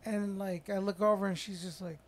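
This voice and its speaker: A man in casual podcast chat, an animated storyteller who swears freely and rambles. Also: sits high, a little fast.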